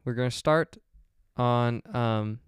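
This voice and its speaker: A man's voice: medium pitch, slow pace, smooth, dry recording, clean studio sound. A young man hosting a solo podcast, rambling along with many fillers and frequent self-corrections. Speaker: podcast host.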